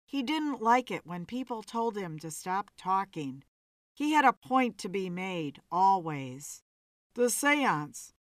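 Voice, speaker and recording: A woman narrating a story in a measured, dramatic reading. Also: medium pitch, very animated, no echo.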